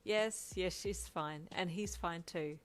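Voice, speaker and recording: A woman's voice: lowish voice, takes it slowly. A woman reading a cheeky young male hero. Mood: cheerful. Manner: teasing and playful. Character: cheeky young winged male hero, proud new father.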